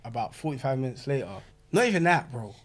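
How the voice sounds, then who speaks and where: A man with a South London accent, a podcast guest telling a lively story in casual street slang. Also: mid-range voice, fast. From London, England.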